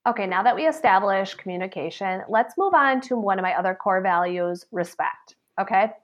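A woman in the salon business gives an earnest motivational talk to camera, her voice sitting at an ordinary middle pitch. She speaks in a chatty, animated way, checking in with the listener through "okay?" and "right?" and acting out the lines she quotes. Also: fairly quick, dull audio. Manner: animated, acts out quoted remarks. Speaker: salon professional sharing advice.

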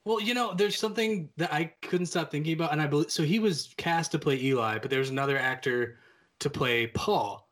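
A man's voice: on the high side, brisk, a bit bright. Easygoing man steering a film chat. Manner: agreeable, steers the conversation. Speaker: podcast co-host. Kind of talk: casual film discussion.

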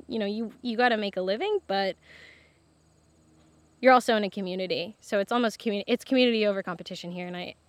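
A young woman farmer telling her story casually, lively and laughing often, with many fillers. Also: medium pitch, no room sound. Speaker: farmer guest.

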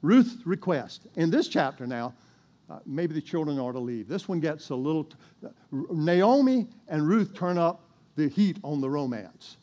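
A man preaching a folksy sermon, chuckling as he retells a bible story. His voice sits fairly high but mellow and soft-edged. He breaks off with asides and jokes for the congregation. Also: expressive, unhurried. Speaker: pastor.

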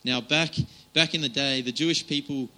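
A man's voice: mid-range voice, fairly even intonation, normal speed, pushed and bright, poor audio. A man giving an informal, chatty sermon, with many fillers and restarts. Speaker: preacher.

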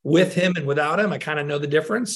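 A male pastor in conversation, telling a story in an earnest, reflective way with frequent pauses and restarts. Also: on the high side.

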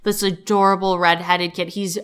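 Chatty woman with a smooth, lowish voice. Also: little pitch movement, normal speed, fairly bright tone. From American Midwest. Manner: chatty, heavy "like" fillers, laughs often. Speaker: guest, comedic actress. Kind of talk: casual interview chat.

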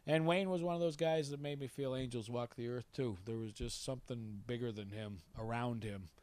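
A man's voice: mid-range voice, fairly even intonation, brisk, darkish tone, smooth. A man telling a story in casual chat, rambling and conversational. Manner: rambling, conversational, many restarts.

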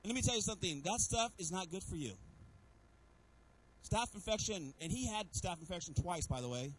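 A middle-aged man delivers a sermon in a notably high-pitched voice. He preaches in an animated way, mixes humor into his stories, and keeps calling out to his congregation. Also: a little fast, poor audio. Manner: storytelling with humor. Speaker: pastor.

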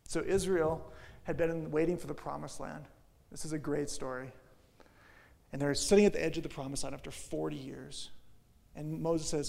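A middle-aged male pastor giving an energetic, conversational sermon that swings from loud to soft. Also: a little high, normal speed, creaky.

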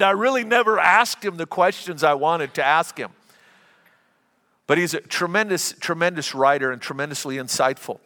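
A man's voice: a little high, normal speed, sharp tone, long reverb tail. A middle-aged man preaching a sermon as a pastor, talking in a conversational, anecdotal way and often restarting his sentences.

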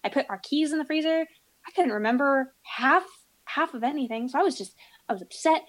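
A woman telling stories in casual podcast chat, animated and acting out the people in them. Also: high-pitched, a little fast, rough recording.

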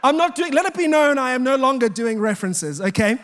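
A man's voice: very high-pitched, a little fast. A man preaching a sermon, telling jokey stories and acting out the dialogue in them. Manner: animated storytelling, acting out quoted dialogue; jokey and self-mocking.

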